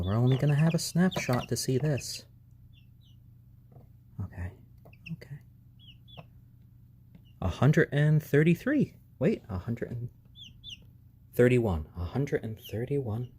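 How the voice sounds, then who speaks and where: A man chats on a casual live stream at an unhurried pace. His voice swings widely from low to high as he gently soothes and hushes the little birds. He pauses now and then to thank viewers by name. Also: big pitch swings, a little hiss or hum. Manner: gentle, soothing, hushing baby chicks; reads out viewer names and thanks them.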